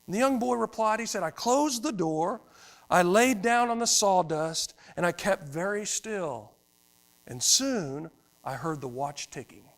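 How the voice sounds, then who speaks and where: A man preaching a sermon as pastor, swinging from loud emphatic lines to hushed quiet ones. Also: high-pitched, expressive, measured pace.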